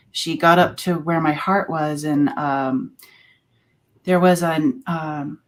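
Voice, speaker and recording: A woman, a guest on a talk show, telling a personal story in a halting way with many filler pauses. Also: sits low.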